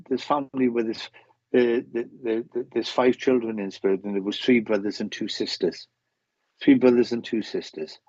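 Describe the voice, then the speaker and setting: A Welsh man working as a medium gives live readings to viewers, talking in a halting way and often repeating words and starting over. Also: medium pitch, a little mellow, husky, no echo, lo-fi sound. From Wales.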